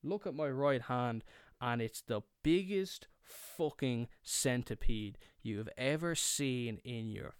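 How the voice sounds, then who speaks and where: Young irish guy spinning a sweary funny story, smooth clear voice, dry close sound. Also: mid-range voice, slow, dry recording. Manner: swears a lot, acts out his younger self and friends. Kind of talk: comic storytelling.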